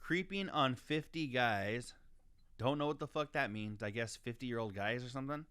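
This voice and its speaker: A man co-hosting a casual podcast, ranting in a heated way with constant swearing and stumbling restarts. His voice is smooth and clear, recorded close and dry. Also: medium pitch, moderate pace, fairly bright tone, no room sound. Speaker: podcast co-host. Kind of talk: casual profane podcast chat.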